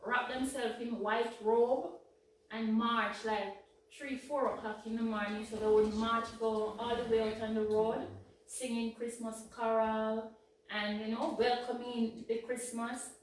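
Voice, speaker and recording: A woman's voice: a little high, a little slow, a little hiss or hum. Jamaican woman telling stories animatedly. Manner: animated, laughing. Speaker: co-host. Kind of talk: casual storytelling. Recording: echoey room, mic at a distance.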